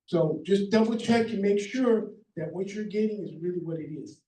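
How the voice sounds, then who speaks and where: At normal speed, a middle-aged contractor with a high, warm voice lays out practical advice point by point for a seminar audience. He's emphatic and often checks in with "okay?", captured by a distant mic in a large, roomy hall.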